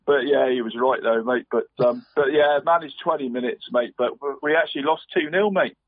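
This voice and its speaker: A man's voice: medium pitch, brisk, no room sound. Man saying "mate" on a tinny line. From Cornwall. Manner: says "mate" constantly, rambling with restarts. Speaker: podcast co-host. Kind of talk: casual football chat. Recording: dry, tinny phone-like line.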